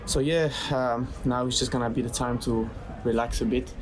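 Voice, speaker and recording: A man's voice: medium pitch, steady tone, normal speed, background noise. A man speaking English as a second language, a professional footballer giving a hesitant post-match interview. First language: not English. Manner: hesitant, restarts sentences.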